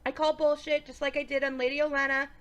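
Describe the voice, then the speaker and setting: A woman giving a casual, profane, animated recap of a TV episode, full of sarcastic asides and quick reactions. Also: high voice. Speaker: TV episode reviewer.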